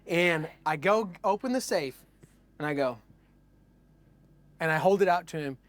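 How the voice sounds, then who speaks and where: A man's voice: fairly high pitch, measured pace. A man telling tall tales casually, with lots of fillers, acting out the people in his stories. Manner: animated, acts out voices in his stories; frequent fillers like "like". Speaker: storyteller host.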